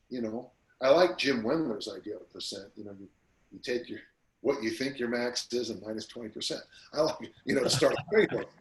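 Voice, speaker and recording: Animated storytelling man in a roomy space. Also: medium pitch. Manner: animated storyteller who acts out quotes. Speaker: podcast guest, strength coach. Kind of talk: casual interview storytelling. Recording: roomy echo.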